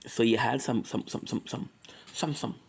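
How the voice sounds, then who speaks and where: A man's voice: mid-range voice, fairly even intonation, normal speed, gravelly, low-quality recording. Rambling, joking Quebecois man. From Quebec, Canada. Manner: joking, tangent-prone, swears freely. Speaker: streamer. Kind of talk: rambling casual monologue.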